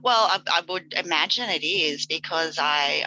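A woman co-hosting a podcast, talking in a relaxed, rambling way and often repeating herself. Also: low voice, normal speed, a little hiss or hum, poor audio. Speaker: podcast co-host. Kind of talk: casual chat.

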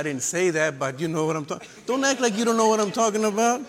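Man, pastor, lively sermon, high voice, long church-hall reverb. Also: fast talker, few pauses, background noise. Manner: lively preacher with call-and-response and humor. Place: church sanctuary.

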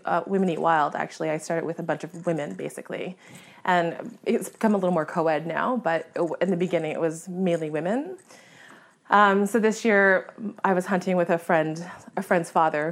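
A guest hunter with a lowish voice shares a story in a conversation, animated throughout, often laughing and performing her own reactions.

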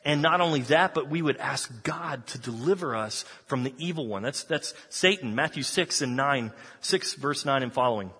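A man preaching a sermon as pastor, talking in a relaxed conversational way with fillers and restarts. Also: mid-range voice, moderate pace, few pauses, husky, long reverb tail.

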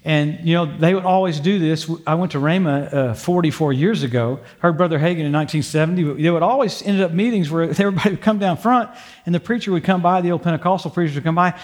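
Folksy older male preacher, slightly high. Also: fast. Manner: folksy, humorous storytelling with frequent praise interjections. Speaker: pastor. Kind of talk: sermon with prayer. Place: church sanctuary before a congregation.

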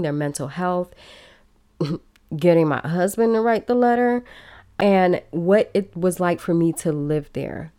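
A woman's voice: low voice, darkish tone, clean tone. A woman podcast host telling a personal story in a casual, chatty way, talking straight to her listeners.

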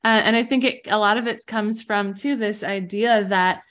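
A woman's voice: mid-range voice, steady tone, normal speed. Encouraging woman podcast host. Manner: warm, encouraging, affirming. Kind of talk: casual interview chat.

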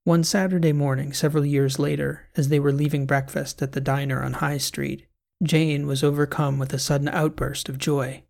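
Male audiobook narrator, gravelly, measured scripted reading. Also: on the high side, level tone, a little mellow.

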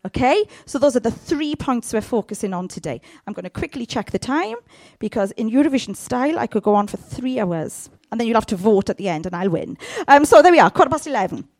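A woman with a fairly quick, somewhat high voice preaches a sermon and reads scripture into a handheld mic. She is animated and keeps checking in with her congregation, asking for their responses.

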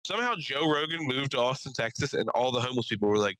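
A man's voice: medium pitch, lively intonation, fast, no echo, rough recording. A man from hosting a casual podcast chat, joking crudely and swearing often. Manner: crude, jokey, breaks into loud impressions. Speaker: podcast host.

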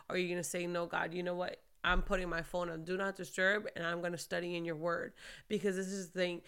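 Bright, clear-voiced woman preaching casually. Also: fairly low pitch. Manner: emphatic, swings from quiet to shouting. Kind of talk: casual faith talk to viewers. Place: lives in Florida.

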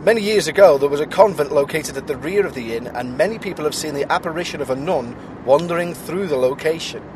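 A man's voice: a little high, fast, crowd noise. A playful man hosting a ghost-hunting vlog, chatting and reading out spooky local lore while riding in a car. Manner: jokey and playful. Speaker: vlogger and ghost-hunt host. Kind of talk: casual chat and reading out notes. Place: moving car.

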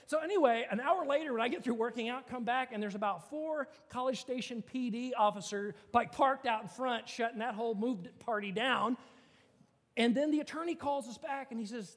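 A pastor tells stories from the pulpit, his voice pitched unusually high for a man. He talks in a loose, animated, conversational way, full of "like"s. The sound rings out with a long reverb, as from a large hall. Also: moderate pace. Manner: animated, conversational, many filler "like"s. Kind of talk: storytelling sermon.

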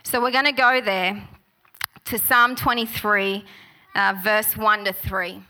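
A middle-aged woman preaching a sermon, telling personal stories and reading scripture slowly. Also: mid-range voice, fairly even intonation. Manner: warm, personal storytelling with gentle laughs; slow, unhurried reading of scripture.

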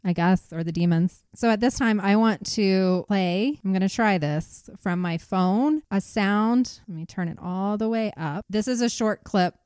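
A woman's voice: mid-range voice, measured pace, few pauses, a little mellow, clean tone, no room sound, clean studio sound. A woman hosting a casual true-crime podcast, telling the story and laughing often with her co-host.

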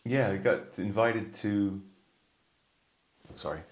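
Deep-voiced man telling stories. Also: slow pace. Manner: rambling anecdotes with many ums. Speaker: musician guest. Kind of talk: casual storytelling chat.

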